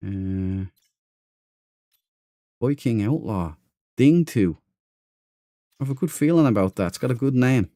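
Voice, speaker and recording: A man's voice: medium pitch, animated, measured pace, pauses often, mellow, dry recording, studio quality. An Irish man streaming a space game, chatting casually to his viewers as he plays. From Ireland. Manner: chatty and rambling, talks to chat and in-game crew. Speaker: gaming streamer. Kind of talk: casual commentary over gameplay.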